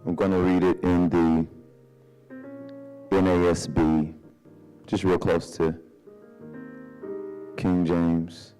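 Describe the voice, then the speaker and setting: A man's voice: low-pitched, takes it slowly, pauses often, clear, resonant tone. Guy preaching in a church, big swings in his voice, faint instrumental music behind him. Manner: animated preaching with call-and-response and humor. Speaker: pastor. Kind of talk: sermon. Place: church sanctuary.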